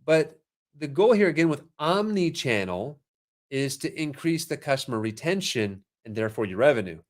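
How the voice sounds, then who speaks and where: A man hosting a casual live stream about marketing, energetic and salesy, with quick asides to viewers. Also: mid-range voice. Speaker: marketing show host.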